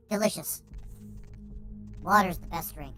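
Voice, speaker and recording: A woman streaming a video game, chatting casually and excitably and swearing freely as she plays. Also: on the low side. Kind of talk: casual gameplay commentary.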